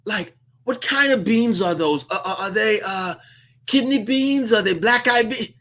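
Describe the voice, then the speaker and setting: A man voicing a nervous first-time customer who stammers and fumbles his questions in a high, strained voice. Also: animated, measured pace, pushed and bright, heavily acted. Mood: hesitant.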